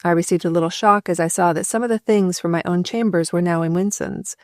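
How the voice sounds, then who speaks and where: A woman narrating a first-person novel as an audiobook, in a steady, measured read on a close microphone. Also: lowish voice, no echo.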